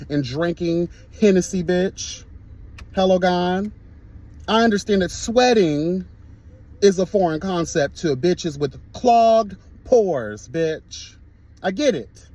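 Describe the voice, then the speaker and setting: A man with a notably high voice holds forth in a sassy, flamboyant reviewer's rant. He talks with theatrical drama, peppering everything with catchphrases and cussing, and sounds freshly sweaty from a workout. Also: darkish tone, poor audio. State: sweaty from the gym. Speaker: online reviewer.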